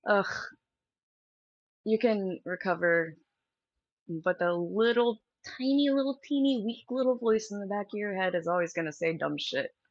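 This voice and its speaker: A young woman talks straight to her viewers in a chatty, candid way, like on a casual live stream from home. Her voice sits at an ordinary middle pitch. The sound is dry and dull, with a lo-fi edge. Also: lively intonation, measured pace, long pauses, no echo.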